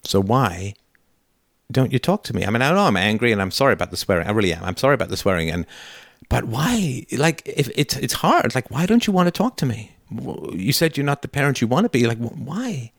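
A man's voice: medium pitch, very animated, brisk, no echo, studio quality. A man hosting a call-in show, playing a son who confronts his father in a heated, emphatic and sarcastic way, swearing as he goes. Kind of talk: call-in show role-play.

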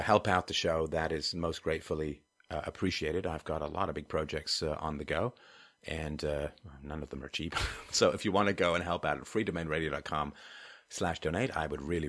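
A man hosting a livestream, reading viewer comments and ranting sardonically, swinging between low mutters and loud outbursts. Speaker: host of a call-in and live-chat show.

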